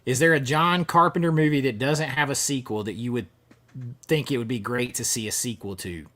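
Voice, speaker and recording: A man's voice: medium pitch, brisk, a bit bright. A man hosting a casual horror movie livestream, chatting with viewers and rambling with fillers and restarts. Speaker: livestream host. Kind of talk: casual live chat reading viewer comments.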